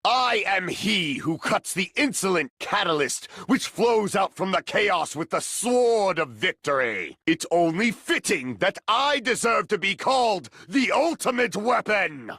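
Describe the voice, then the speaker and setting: A man's voice: high-pitched, sing-song, measured pace, hardly any pauses, bright, forceful tone, husky, no room sound, exaggerated voice. A man doing a pompous self-proclaimed ultimate warrior. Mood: grandiose. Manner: pompous, declamatory. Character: boastful grandiose male warrior claiming to be the ultimate weapon.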